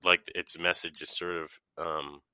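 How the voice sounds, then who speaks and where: A man's voice: deep voice, little pitch movement, unhurried, pushed and bright, clear, resonant tone, dry recording. A young man in a casual film talk, thoughtful and analytical, hedging as he goes.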